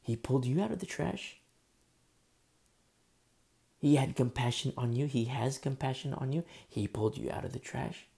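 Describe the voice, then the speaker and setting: A man preaching a sermon, impassioned, rising to emphatic questions and dropping to a hush. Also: medium pitch, normal speed, creaky, pauses often.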